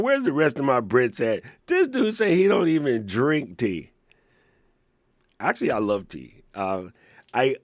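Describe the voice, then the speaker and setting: A man hosting a live Q&A stream, playful and joking, chatting to viewers in a slightly hoarse voice. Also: medium pitch, no echo, studio quality. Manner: playful, joking, laughs often, reads chat aloud. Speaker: livestream Q&A host. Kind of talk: casual live-stream chat.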